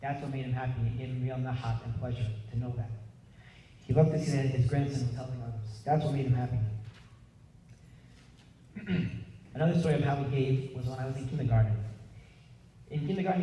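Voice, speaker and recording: Young man, earnest eulogy delivery, mellow tone, heard from a distance in a large room with long reverb. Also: mid-range voice, a little fast, pauses often. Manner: earnest, heartfelt, clears throat often. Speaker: grandson giving a eulogy. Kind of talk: memorial speech. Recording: echoey hall from far off, faint hiss.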